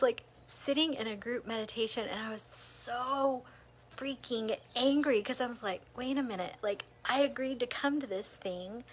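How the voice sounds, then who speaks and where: A woman casually recounting a personal experience, lively and animated, often saying "like" and laughing between thoughts. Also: on the high side, breathy edge. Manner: animated storytelling with frequent laughs, filler "like". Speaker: vlogger.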